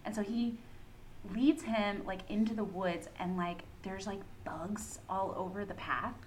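A young woman co-hosting a podcast, retelling a story excitedly with lots of fillers and swearing. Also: medium pitch, unhurried, slight background noise, poor audio. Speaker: podcast co-host. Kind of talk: casual fandom chat.

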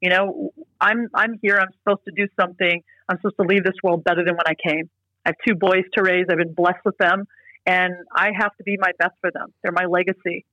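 A woman's voice: on the low side, steady tone, fairly quick, sharp tone, no echo, dull audio. A middle-aged woman speaking as an interview guest. She talks earnestly and emphatically, often restarting her sentences. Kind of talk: casual interview talk.

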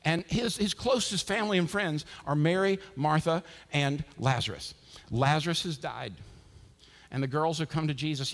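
A man preaching a sermon as a pastor, swinging between loud, emphatic lines and hushed ones. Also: a little high, moderate pace. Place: church sanctuary with a congregation. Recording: long reverb from a large hall.

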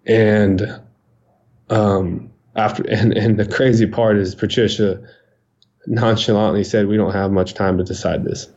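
A man in his forties recounting his own story in an interview, halting and repeating words, often pausing. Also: fairly low pitch, little pitch movement, a little mellow, lo-fi sound. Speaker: interview guest. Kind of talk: emotional personal account.

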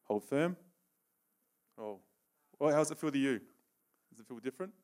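A man's voice: medium pitch, expressive, normal speed, darkish tone. Man, middle-aged, preacher, casual sermon, conversational, checks in with "okay?", laughs between points. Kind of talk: sermon with live demonstration.

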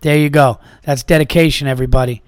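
A man hosting his own podcast, talking casually and a little hoarse from a sore throat, telling a rambling, profane story with lots of restarts. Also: medium pitch, steady tone, fast, no echo, studio quality. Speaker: podcast host and comedian.

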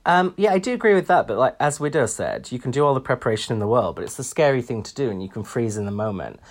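A man's voice: medium pitch, very animated, fast talker. A man co-hosting a podcast in casual chat, wry and chatty with frequent ums. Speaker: podcast co-host.

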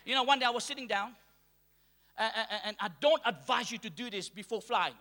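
Male preacher from mauritius, really high voice, sharp bright tone, big church echo. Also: a little fast. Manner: call-and-response preaching, rising to shouts. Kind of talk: sermon. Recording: long hall reverb.

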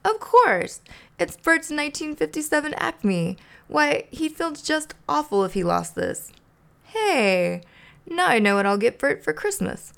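A woman's voice: sits high, very animated, measured pace, creaky, voice pushed up, heavily acted. A woman voicing a cheerful, eager male puppet in a storybook read-aloud. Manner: bright and eager.

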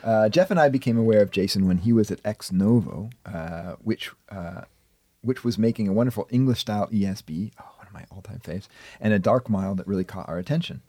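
A man's voice: lowish voice, brisk, warm tone, no room sound. A man co-hosting a podcast from a radio studio, casual and dryly joking with many hesitations. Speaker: podcast co-host, economics professor. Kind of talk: casual chat. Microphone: studio mic.

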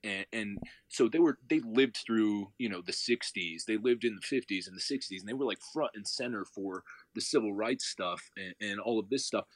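Male, 30s, lowish voice, slangy storyteller, dry studio sound. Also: moderate pace, hardly any pauses, dry recording. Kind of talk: casual discussion.

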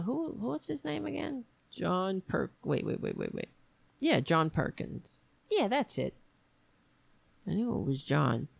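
In a home room, a woman hosts a casual livestream, sighing, swearing and rambling out of frustration. Her voice is low-pitched with vocal fry, and the recording is dry.

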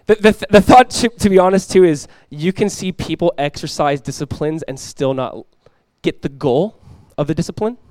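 A young adult man preaching a sermon as pastor, energetic and conversational, often restarting his phrases. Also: a little high, moderate pace, few pauses, dry recording.

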